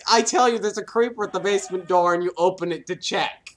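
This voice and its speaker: A man's voice: high-pitched, quick pace, a little hiss or hum. A man playtesting his own game mod, chatting casually with a friend, joking, teasing and laughing often. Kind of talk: casual gameplay banter.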